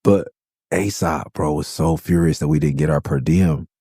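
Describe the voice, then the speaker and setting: On his podcast, a Los Angeles man recounts tour tales in a casual way, cursing a lot and loudly acting out what people said. The studio-quality recording has no room sound, capturing his very deep, breathy voice at a normal speed.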